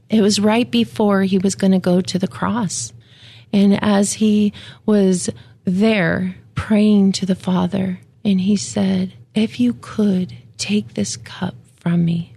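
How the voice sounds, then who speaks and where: A widowed woman giving a gentle, reflective devotional talk about grief and faith, speaking plainly with occasional fillers. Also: mid-range voice, vocal fry, slightly rough. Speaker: widow sharing her faith.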